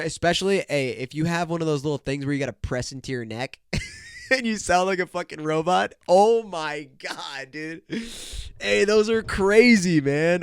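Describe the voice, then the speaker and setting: A man's voice: fairly high pitch, smooth, no room sound, studio quality. A young man hosting a solo podcast, congested and nasal, rambling and joking with lots of swearing. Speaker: podcast host. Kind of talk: casual solo podcast chat. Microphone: podcast microphone.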